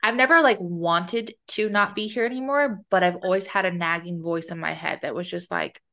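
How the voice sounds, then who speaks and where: Earnest lower-voiced woman. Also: moderate pace. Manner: earnest, open, soft when sharing. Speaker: podcast co-host. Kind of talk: casual faith chat.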